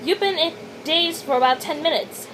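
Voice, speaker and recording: A woman's voice: high-pitched, moderate pace, noisy background, close to an everyday voice. A woman voicing a teasing young male friend, attempting a South African accent.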